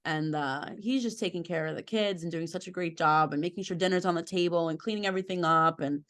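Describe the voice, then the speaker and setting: A woman's voice: fairly low pitch, quick pace, fairly bright tone. A woman chatting on a podcast, telling rambling, self-deprecating stories and laughing at herself. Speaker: podcast guest, host's wife. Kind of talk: casual chat.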